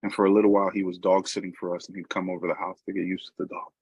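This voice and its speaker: This recovery meeting speaker, a middle-aged man from New York with the local accent, shares his story casually with frequent asides to the audience. His deep, husky voice races along with vocal fry and little pitch movement, captured in a dry, lo-fi recording.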